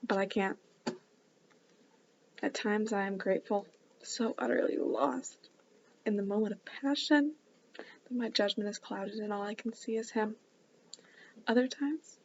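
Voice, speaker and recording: A woman casually reading a novel aloud in a soft, hushed voice, stopping now and then for chatty asides. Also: medium pitch, lo-fi sound, slight background noise. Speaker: book club reader.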